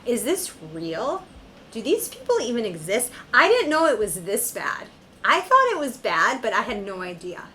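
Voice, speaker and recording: A woman's voice: mid-range voice, very animated, moderate pace, a bit bright, a little hiss or hum, rough recording. A woman hosting a reaction video, talking back to a clip in a sarcastic, incredulous tone. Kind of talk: casual reaction commentary.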